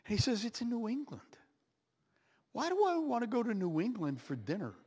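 A high-voiced man preaching with lively swings of pitch, telling a story with dramatic pauses. His voice rings through a church hall with a long, echoing reverb. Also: slightly rough. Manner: animated storyteller, dramatic pauses and sound effects. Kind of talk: sermon storytelling.

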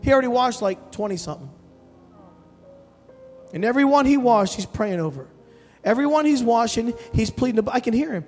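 A man preaching a sermon as pastor, telling a story with animated, emphatic delivery and calling out to the congregation. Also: extremely high pitch, a little fast, long pauses. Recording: long hall reverb with soft music behind.

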